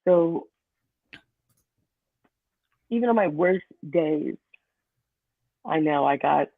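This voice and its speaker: This woman teaches middle school near Kansas City in the US, and her voice is deep and gravelly, with drawn-out words. She chats casually in an interview and tells lively stories, laughing often and impersonating her students. The sound is phone-like and tinny, with no room sound.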